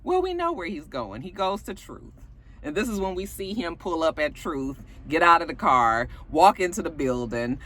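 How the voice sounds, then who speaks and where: A woman casually recapping a TV episode in an animated, profane, joking manner. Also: sits low, moderate pace. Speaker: TV show reviewer.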